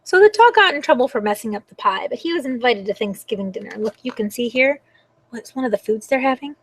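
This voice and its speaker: High animated lady reading picture books to little kids at the library, super sing-songy. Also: fast talker. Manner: animated and sing-song, asking children questions. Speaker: children's librarian. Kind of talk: children's storytime read-aloud.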